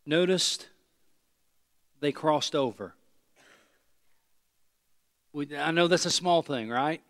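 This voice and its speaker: A man preaching a sermon in a voice that sits a little high for a man. He swings from loud emphatic lines to hushed low ones and repeats phrases as he addresses the congregation directly. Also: slow pace. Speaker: pastor.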